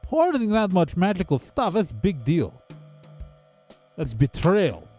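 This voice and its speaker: A squeaky, wheedling goblin thief, put on by a man, pitched far up with wild swings in tone. He talks himself in circles, desperate to sound reasonable while his voice keeps leaping higher. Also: sing-song, darkish tone, soft background music, full character voice. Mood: pleading. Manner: high, pleading, talks fast over others. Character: scheming male goblin thief, whiny and excitable.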